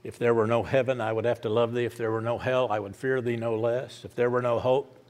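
A man preaching a sermon, repeating lines with rising emphasis and dropping soft and low at the ends of thoughts. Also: little pitch movement, fairly quick. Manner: emphatic repetition, rising to loud declarations. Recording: long hall reverb.

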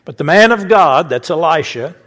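A man's voice: on the high side, animated, normal speed, a bit bright, in a large hall. A man giving an informal Bible teaching sermon, talking conversationally, restarting phrases and chuckling at his own asides.

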